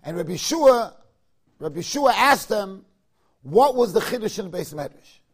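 A man's voice: high-pitched, very animated, normal speed, breathy edge. A man with giving a Torah lecture, chanting verses and making joking asides. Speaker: Torah teacher.

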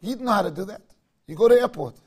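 Torah teacher, male, husky and fairly high, chants verses, jokes in asides. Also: animated, rapid-fire. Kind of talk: Torah lecture.

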